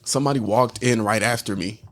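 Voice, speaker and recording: A man's voice: lowish voice, a little fast, a bit bright, no room sound. Laid-back man telling rambling stories. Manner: rambling anecdotes, repeats words, laughs while telling. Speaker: podcast co-host. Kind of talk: casual chat, storytelling.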